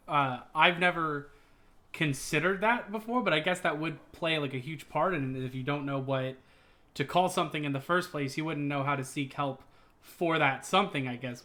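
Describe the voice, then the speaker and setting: A male podcast host with a bright, forward tone and a slightly raised pitch. He thinks out loud, hesitating and hedging as he goes. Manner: hesitant, musing aloud with fillers. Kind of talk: casual podcast conversation.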